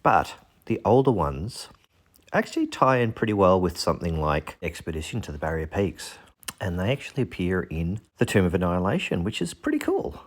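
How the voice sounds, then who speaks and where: Low voiced guy rambling about monster pics, cracking puns, laughing at himself. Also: animated, a little fast. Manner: jokey, punning, self-deprecating. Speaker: channel host. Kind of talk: casual rambling commentary on fantasy art.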